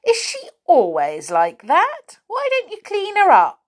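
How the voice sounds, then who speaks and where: A deaf little saucepan man, as a woman reads him aloud, bellowing his cheerful mix-ups in a high, bouncy storybook voice. His pitch leaps about with lively swings, and he answers whatever he thinks he heard. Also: unhurried, exaggerated voice. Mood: indignant. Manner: loud, high, mishears everything.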